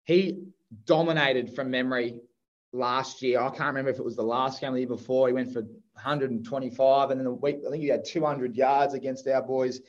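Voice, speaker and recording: A man's voice: medium pitch, steady tone, fairly quick, muffled recording. An Australian man co-hosting a podcast, talking sports picks in an enthusiastic, chatty way. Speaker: podcast co-host. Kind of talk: casual sports chat.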